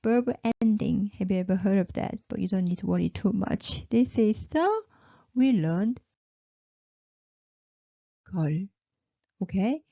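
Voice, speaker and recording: A woman with a Korean accent teaching a language lesson, speaking slowly and patiently and repeating words for practice. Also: medium pitch, animated, gravelly, mellow, no echo, highs cut off.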